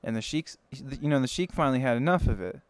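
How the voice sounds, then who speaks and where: A man's voice: mid-range voice, lively intonation, fast, clean tone, no room sound, low-quality recording. A young man livestreaming and telling a long joke in a rambling, self-interrupting way. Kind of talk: casual joke telling on a live stream.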